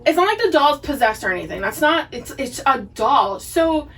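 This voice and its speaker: A high-voiced woman with a Boston accent chats casually as a podcast co-host, recapping a show with plenty of profanity and acted-out lines. She sits well back from a poor-quality mic, so she sounds distant. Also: normal speed. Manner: profane, animated, acts out characters' lines. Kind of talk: casual chat recapping a TV series.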